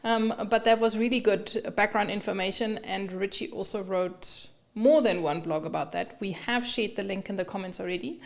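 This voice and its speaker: A woman co-hosting a photography live stream, chatting casually with viewers and her co-host, with many fillers and pauses. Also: mid-range voice, gravelly.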